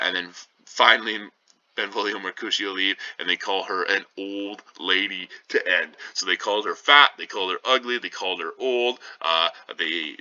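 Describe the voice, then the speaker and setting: A male teacher giving a casual, plain-spoken summary of a play, with frequent pauses and rephrasing. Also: low voice, sharp tone, no echo. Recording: dull lo-fi recording.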